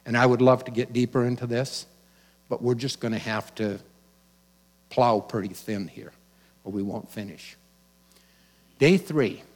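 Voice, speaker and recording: Male pastor, mid-pitched, relaxed teaching sermon with casual asides. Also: measured pace, pauses often. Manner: conversational preaching, with asides and restarts.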